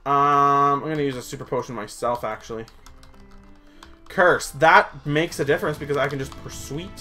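A man's voice: medium pitch, moderate pace, sharp tone, soft background music. A man chatting playfully through a let's play, singing silly little ditties as he goes. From Canada. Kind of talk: casual gameplay commentary.

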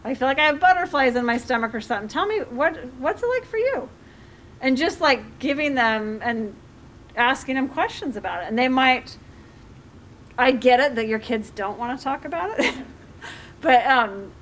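A middle-aged woman life coach talks to a community audience in a high, bright voice. She is animated and slips into little acted-out exchanges with her children. A faint hum of the room sits behind her. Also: normal speed. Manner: animated, acts out parent-child dialogue. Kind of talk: community talk with audience questions.

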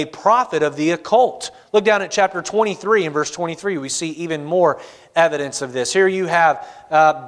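Pastor guy preaching, high voice, long echo off the church walls, keeps quizzing the pews. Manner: asks the congregation questions, acts out their replies. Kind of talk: sermon. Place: church auditorium.

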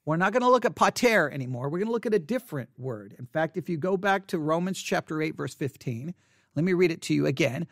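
Man, high voice, Bible teacher, casual word study, repeats himself, dry close sound. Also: fairly bright tone, no echo. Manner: thinking aloud, repeating words, restarts.

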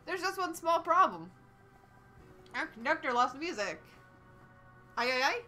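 Girl doing a show-off band musician, high and bright, bragging, bouncy pitch. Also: sing-song, a little slow, soft background music, full character voice. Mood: fretting. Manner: bragging, self-important.

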